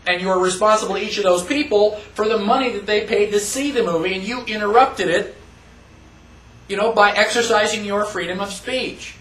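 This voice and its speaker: Higher-voiced man lecturing in a roomy hall. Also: a little fast, a bit bright. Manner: emphatic, asks the audience questions. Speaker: constitution class teacher. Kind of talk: classroom lecture. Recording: roomy, distant mic.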